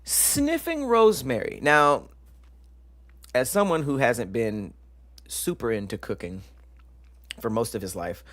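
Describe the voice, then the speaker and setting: A man's voice: mid-range voice, expressive, slow, long pauses, a bit bright, dry recording. A man hosting a casual live stream, joking with chat and stumbling over long science words as he reads them aloud. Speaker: livestream show host.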